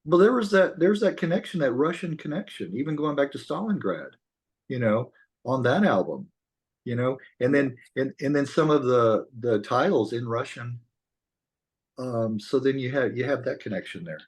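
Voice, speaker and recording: A man hosting an interview, mostly listening with short agreements and laughs, then putting in a slow, easygoing comment. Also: medium pitch, slightly rough. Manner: relaxed listener, soft backchannels and laughs. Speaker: interviewer, host. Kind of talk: casual interview.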